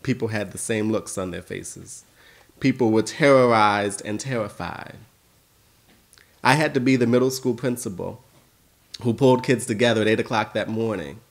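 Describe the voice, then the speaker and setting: An American man giving a keynote speech, telling stories with passion and swinging from hushed lines to emphatic ones. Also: lowish voice, moderate pace, creaky. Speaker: keynote speaker and school principal.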